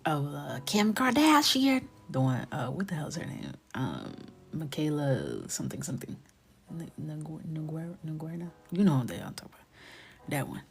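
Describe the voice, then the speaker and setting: Female streamer, deep-toned, chatty and candid, coloring session host. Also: very animated, normal speed, vocal fry. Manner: chatty and candid, drops into soft asides. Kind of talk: casual chat while coloring.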